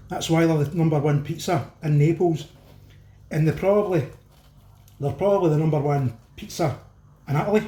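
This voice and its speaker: Scottish male cooking vlogger, mellow voice, roomy kitchen sound, chatty and informal. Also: a little high, slight background noise. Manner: chatty, addresses viewers as folks, eats while talking. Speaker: cooking channel host. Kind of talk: casual cooking vlog, tasting food.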